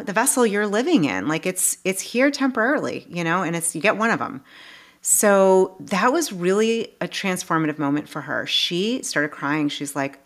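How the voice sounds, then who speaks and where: A woman life coach talking casually as a podcast guest, earnest and heartfelt, with lots of restarts and asides. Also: fairly low pitch. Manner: animated, with many restarts and asides.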